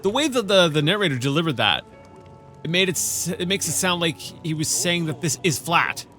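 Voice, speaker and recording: A man's voice: on the high side, animated, moderate pace, pushed and bright, faint music behind. A man hosting a let's play, chatting casually and playfully as he reads in-game texts aloud. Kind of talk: casual gameplay commentary.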